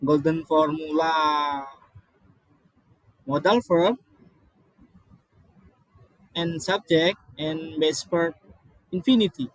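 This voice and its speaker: A man's voice: a little high, steady tone, slow pace, pauses often, no room sound, poor audio. A man whose first language is not English, reading a grammar lesson from slides with many restarts and apologies.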